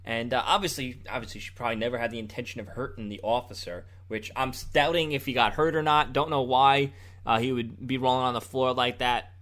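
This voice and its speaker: A man's voice: medium pitch, fairly quick, fairly bright tone. Argumentative male political commentator. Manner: argumentative, sarcastic, mocking mimicry of opponents. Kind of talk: opinion commentary over video clips.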